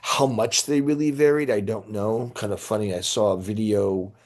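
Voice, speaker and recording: A man's voice: fairly low pitch, steady tone, normal speed, a little mellow. A middle-aged man, a priest teaching church history, lecturing informally and rambling with many fillers and restarts. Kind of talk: informal lecture answering questions.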